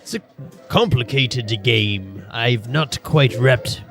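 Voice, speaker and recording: A man playing a gravelly seafaring bartender. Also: mid-range voice, lively intonation, over music. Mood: calm. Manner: hesitant, halting. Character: male bartender Titus, seafaring.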